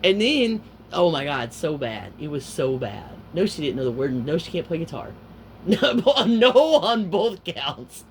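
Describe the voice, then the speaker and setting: Rambling, foul-mouthed man with a higher voice. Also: sing-song, normal speed, a little hiss or hum, rough recording. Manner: profane, heavy with fillers. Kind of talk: rambling anecdote.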